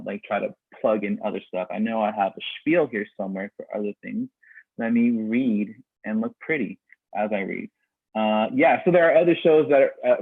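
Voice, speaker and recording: A man's voice: lowish voice, no room sound. A man hosting a poetry slam livestream in a casual, rambling way full of fillers and tangents, his voice getting worn out. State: losing his voice. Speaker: slam host. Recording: dry tinny phone-like sound.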